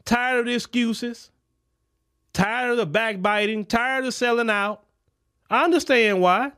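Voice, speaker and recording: Man, political commentary podcast, impassioned, high voice. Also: fairly bright tone. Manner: impassioned, repetitive, preacher-like cadence. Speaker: podcast host. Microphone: podcast microphone.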